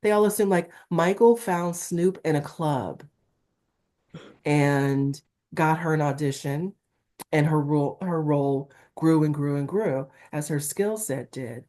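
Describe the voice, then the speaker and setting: A middle-aged woman from Newark speaks as an interview guest. Her voice sits low and mellow, yet she has a Valley-girl-like lilt. She talks in an animated, emphatic way. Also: measured pace. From Newark, New Jersey, USA. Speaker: talent agent guest. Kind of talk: candid interview conversation.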